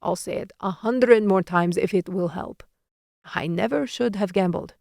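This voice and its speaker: A woman's voice: mid-range voice, normal speed, gravelly, a little mellow, no echo, clean studio sound, lightly acted. A woman voicing a worried, flustered middle-aged father who speaks defensively and apologetically in an audiobook.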